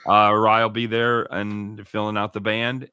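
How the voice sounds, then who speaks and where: Middle-aged male radio host, lowish, punchy, bright voice, profane and excitable, dry close mic. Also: measured pace, clean tone, no echo. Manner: profane, excitable, laughs loudly. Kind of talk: casual sports talk banter.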